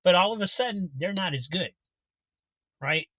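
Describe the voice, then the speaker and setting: A man talks at length over a video call, circling back and repeating himself. His voice sits a bit high and sounds very bright. The audio is dry and a little muffled. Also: lively intonation, moderate pace, no room sound. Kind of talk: casual chat on a video call.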